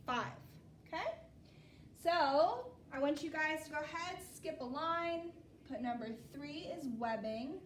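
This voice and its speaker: A woman teaching children a phonics lesson, patient and steady, checking in often with "okay?". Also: high-pitched, measured pace, roomy sound, distant mic, a little hiss or hum.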